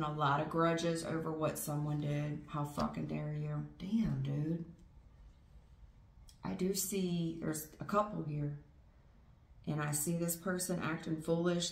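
A woman giving a casual tarot reading in a blunt, profane, animated way, acting out people's feelings as she goes. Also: low-pitched, creaky, reverberant. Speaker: tarot reader.

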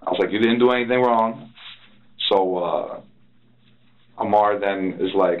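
A man's voice: fairly low pitch, fairly quick, dull audio. Rambling, profane man in an interrogation. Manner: rambling, profane, acts out quotes of others. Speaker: officer being interrogated. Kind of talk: recounting events under interrogation. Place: interrogation room.

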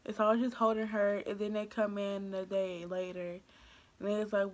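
A young woman vlogger telling a casual storytime, animated, acting out quoted asides and dropping to hushed whispers at times. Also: mid-range voice, normal speed.

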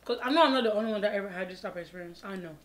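A woman's voice: mid-range voice, rapid-fire. Woman from Cameroon, vlog host, eating and chatting, eager and repetitive, faint background hiss. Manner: chatty, repeats pleading words, mumbles while eating. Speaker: vlogger. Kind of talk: casual mukbang storytime vlog.

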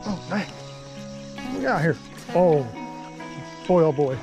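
A young man with a somewhat high voice talks excitedly while fishing outdoors at a creek, turning to his viewers again and again. Music plays clearly in the background. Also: slow. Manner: excitable, keeps addressing viewers as guys. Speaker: fishing vlogger. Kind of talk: casual outdoor vlog.

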